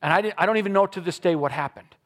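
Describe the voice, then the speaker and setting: Animated middle-aged male pastor preaching. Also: sits high, racing. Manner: animated storytelling, acting out quoted voices. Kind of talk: sermon with personal story and prayer. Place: church service before a congregation.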